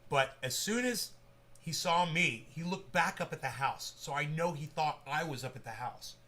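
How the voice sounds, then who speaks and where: A man's voice: a little high, expressive, normal speed, bright, forceful tone. A man hosting his own channel, chatting casually in a rambling, profane way and laughing often. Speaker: channel host. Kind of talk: casual chat.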